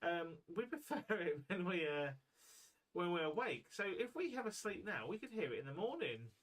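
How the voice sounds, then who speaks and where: A man's voice: sits high, sing-song, moderate pace, a bit bright. A man playing a tabletop game, playful and joking, chatting with the group. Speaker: player. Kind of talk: casual tabletop game chat over video.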